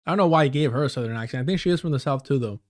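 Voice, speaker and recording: A man's voice: medium pitch, racing. A man streaming live and reacting to clips with profane, sarcastic commentary. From United States. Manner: profane, sarcastic, mocking voices of clip figures.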